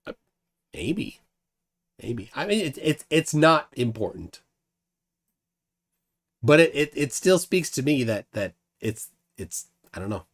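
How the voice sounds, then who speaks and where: A man's voice: mid-range voice, big pitch swings. A man hosting a casual livestream, reading viewer comments aloud, often stammering and repeating words. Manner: halting, stammering repeats, chuckles between thoughts. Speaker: livestream host.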